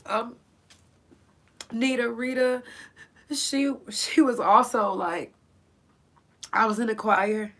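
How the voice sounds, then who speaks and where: A woman hosting a solo podcast, speaking in a halting, tearful way and pausing often to collect herself, with speech. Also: fairly high pitch, steady tone, fairly bright tone. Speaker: podcast host. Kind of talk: emotional solo podcast remembrance.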